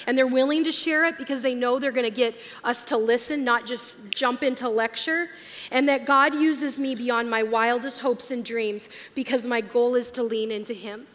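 A woman's voice: sits high, a bit bright. A woman pastor giving an earnest, emotional sermon to a live audience. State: tearful at times. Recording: live hall with long reverb, faint music.

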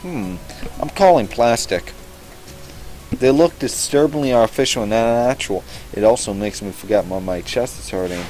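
A man's voice: mid-range voice, moderate pace, a little mellow, faint music behind, rough recording. A young man doing gameplay commentary on a visual novel, reading the text aloud with sarcastic, profane asides. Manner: sarcastic, swears a lot, reads text aloud. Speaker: let's-play gamer.

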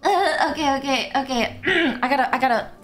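A young woman streaming a game, talking casually, excitable and swearing a lot. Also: sits high, normal speed, loud music behind the voice. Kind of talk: casual gameplay commentary.

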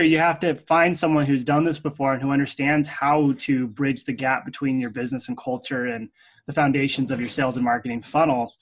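A man co-hosting a casual business talk show, explaining his points in a direct, steady way. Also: mid-range voice, slightly rough, rough recording. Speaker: podcast co-host.

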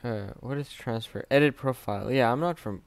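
A young man from Canada chatting casually over his gameplay, swearing often and swinging between mumbled asides and loud outbursts. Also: mid-range voice, fairly quick, creaky, no room sound. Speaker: gaming youtuber.

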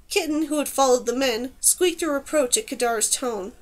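A woman narrating a fantasy audiobook with a high voice. She reads in a steady, even storytelling manner. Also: moderate pace, hardly any pauses. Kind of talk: scripted narration.

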